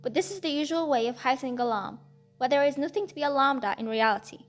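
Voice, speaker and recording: A woman reading aloud, voicing a passionate, outspoken young woman who speaks with sharp disdain. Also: high-pitched, fast talker, faint music behind, close to an everyday voice. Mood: scornful.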